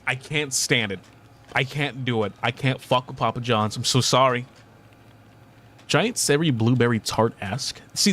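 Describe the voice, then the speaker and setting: A young man streamer in casual chat, rambling and animated, swearing casually and laughing often. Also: mid-range voice, slightly rough.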